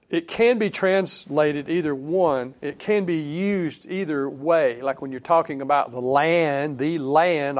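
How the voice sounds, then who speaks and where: A male preacher giving a sermon in a conversational way, thinking aloud with fillers and restarts and quoting scripture in a softer voice. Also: mid-range voice. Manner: quotes scripture in a softer, dropping voice.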